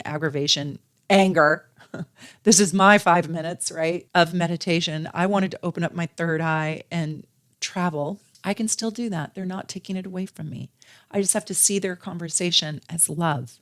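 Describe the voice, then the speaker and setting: Middle-aged woman astrologer, slightly low voice; earnest, animated advice with repeated phrases. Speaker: astrologer and tarot reader. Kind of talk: casual spiritual advice to viewers.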